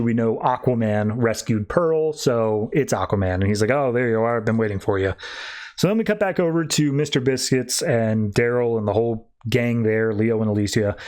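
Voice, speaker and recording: Animated man recapping comics. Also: mid-range voice. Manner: animated recap, acting out character lines. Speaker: podcast host. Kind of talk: casual comic book review chat.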